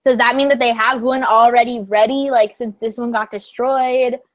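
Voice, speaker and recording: A young woman hosting a casual livestream, telling stories in an animated way and swearing freely. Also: fairly high pitch, moderate pace, no room sound. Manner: animated storytelling, frequent swearing. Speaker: channel host.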